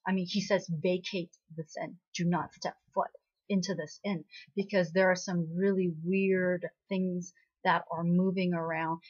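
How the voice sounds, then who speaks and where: A woman's voice: lowish voice, slightly rough. A woman casually recapping a television drama episode in a chatty way, full of "you know" and "right?" fillers. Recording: slightly dull lo-fi audio.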